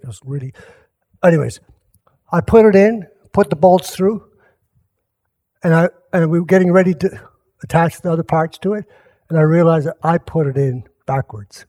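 A pastor with a notably high male voice tells a meandering everyday story as a casual sermon. He stumbles, restarts, and keeps turning to his listeners with little asides. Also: warm tone. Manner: rambling, self-interrupting, chuckling asides to listeners.

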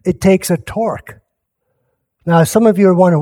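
A pastor with a notably high male voice tells a meandering everyday story as a casual sermon. He stumbles, restarts, and keeps turning to his listeners with little asides. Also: normal speed, mellow. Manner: rambling, self-interrupting, chuckling asides to listeners.

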